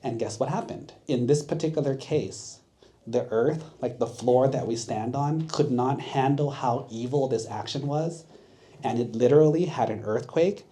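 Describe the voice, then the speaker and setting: A man's voice: mid-range voice, normal speed, warm tone. A man, a monk at a temple, giving a sermon to children, telling a story and asking them questions along the way. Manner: asks the audience questions, checks with 'right?'.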